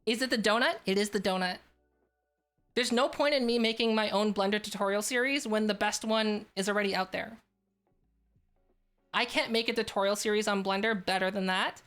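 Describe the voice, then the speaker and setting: A woman's voice: mid-range voice, fairly quick, a bit bright, soft background music. A woman streaming live, chatting casually and rambling with lots of fillers. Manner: rambling, filler-heavy, restarts often.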